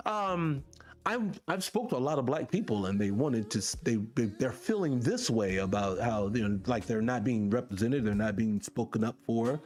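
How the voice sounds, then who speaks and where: Male host, heated livestream rant, swears freely, very lively pitch, faint music underneath. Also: brisk. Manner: fired-up, profane, talks to viewers directly. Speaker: show host.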